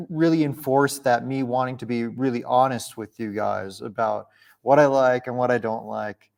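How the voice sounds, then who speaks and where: A young man from Minnesota hosting a casual livestream Q&A, chatty and quick to laugh. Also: mid-range voice, vocal fry, a little mellow. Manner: chatty, laughs often, restarts sentences. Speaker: livestream host. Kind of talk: casual live Q&A. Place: home, indoors.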